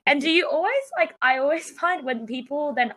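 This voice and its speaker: A woman's voice: high voice, brisk, dry recording. An Australian woman co-hosting a podcast, chatting casually and acting out little dialogues. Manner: animated, acts out little dialogues. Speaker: podcast co-host. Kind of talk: casual chat.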